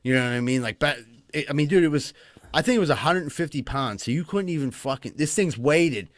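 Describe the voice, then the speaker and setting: A man trades crude local stories on a podcast, often laughing as he talks. His voice sits a little high for a man. The sound is close and dry, with no room echo. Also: animated, fast talker. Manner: laughing, profane storytelling. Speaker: podcast co-host. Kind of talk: casual podcast chat.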